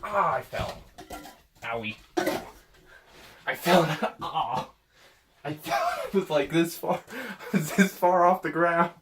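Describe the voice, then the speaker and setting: Brief: male vlogger, jumpy and animated, slow and drawn-out delivery, cusses freely. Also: on the high side, very noisy. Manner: excitable, swears, yelps and shouts at misses; talks to his dog and himself. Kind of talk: casual self-talk while filming.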